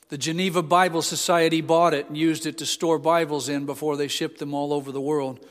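A man preaching a sermon, impassioned, building to emphatic peaks and dropping low. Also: fairly bright tone. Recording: long reverb of a large hall.

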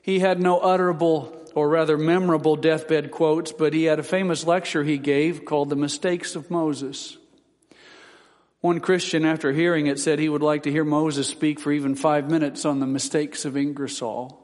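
A man's voice: fairly high pitch, level tone, moderate pace, a little mellow, long reverb tail. A man preaching a sermon, reading out quotes in a solemn, dramatic way.

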